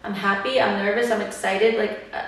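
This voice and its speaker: Here a young podcast host talks casually in a brisk, gravelly, mid-range voice that stays level yet sounds fairly bright. She peppers everything with "like" and performs other people's quotes. The recording is echoey, with her voice distant and slightly off-mic.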